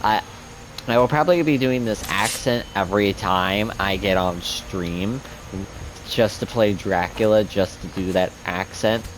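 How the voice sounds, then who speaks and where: A man's voice: lowish voice, a little slow, slight background noise. A young man giving casual gameplay commentary as a streamer, chatty and rambling. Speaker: gaming streamer.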